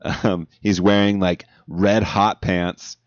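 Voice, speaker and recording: Male co-host, easygoing and rambling, low voice, lo-fi sound. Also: flat delivery, takes it slowly, dry recording. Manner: laid-back, laughs often, describes things in a loose rambling way. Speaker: podcast co-host. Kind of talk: casual chat.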